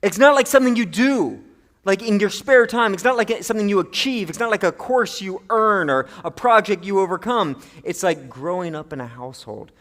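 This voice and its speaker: Animated high-voiced male pastor preaching. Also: fairly quick. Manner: animated and conversational, with playful asides. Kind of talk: sermon.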